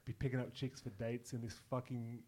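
A man's voice: mid-range voice, flat delivery, fairly quick, darkish tone. A young man telling loose, profane stories in a casual podcast chat, often laughing. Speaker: guest.

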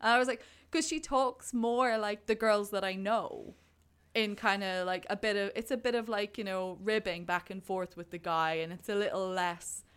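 A woman's voice: medium pitch, moderate pace, fairly bright tone, clean tone. A woman co-hosting a podcast, chatting casually about a movie and acting out her own thoughts, with lots of fillers. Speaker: podcast co-host.

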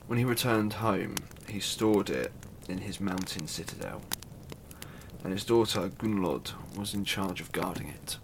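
A man's voice: low-pitched, unhurried, background noise. A man casually retelling a myth, chatty and irreverent, with asides and the odd swear. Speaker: storyteller.

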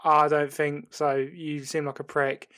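Man voicing a grumpy little gremlin mentor, blunt, sweary, slow and low. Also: little pitch movement, sharp tone. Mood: dismissive. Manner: gruff and blunt, swearing, unimpressed. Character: grumpy swamp-dwelling gremlin mentor, male, small, crude.

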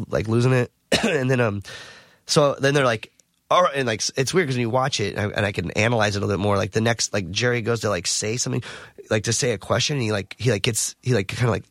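Man, fast rambling storyteller, acts out voices, dry close sound. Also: fairly low pitch, a bit bright, no echo. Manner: rambling, many "like"s, acts out quotes. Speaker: guest. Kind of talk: casual storytelling.

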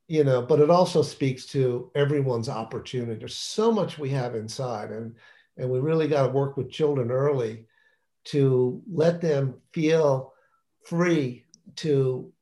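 A man's voice: mid-range voice, dark tone. A man talking about his children's book in a casual interview, enthusiastic and rambling, often restarting his sentences.

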